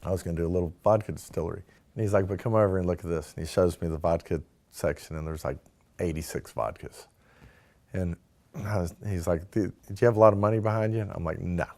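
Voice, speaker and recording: A distillery founder with a very low, warm voice and fairly even intonation tells a long, casual story about starting his business. He acts out the people involved in quick snatches of dialogue and fills pauses with "like" and "you know."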